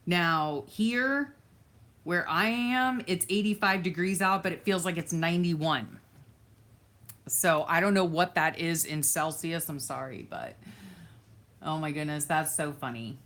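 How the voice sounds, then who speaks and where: Laughing often, this woman from Florida, USA, chats loosely with viewers on her live stream and reads out their comments. Her voice is lowish, with a fairly bright tone.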